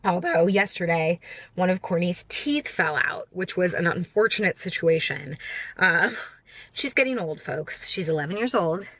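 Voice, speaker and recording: A woman's voice: on the low side, expressive, normal speed, a bit bright, dry recording. A woman in her thirties chatting casually to her phone camera from a parked car, rambling and poking fun at herself. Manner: chatty, self-mocking, rambling with fillers. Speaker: vlogger. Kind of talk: casual vlog chat to camera.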